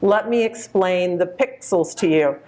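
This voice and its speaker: A woman voicing a young male electronics salesman with a Texas drawl, who talks slowly and over-explains. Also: high-pitched, a little mellow. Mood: patronizing. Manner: slow, over-explaining, polite "ma'am".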